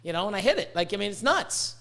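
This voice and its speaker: A man hosting a casual podcast, rambling and swearing as he tells animated stories, hot and sweating in his room. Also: high voice, quick pace, vocal fry. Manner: profane, rambling, animated storytelling. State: sweating, overheated. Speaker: podcast host, reptile breeder. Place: hot indoor room with a fan.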